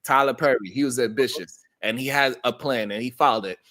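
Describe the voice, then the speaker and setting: A man hosting a live-stream talk show, talking in an emphatic, slangy, animated way. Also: medium pitch, fairly quick. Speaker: host.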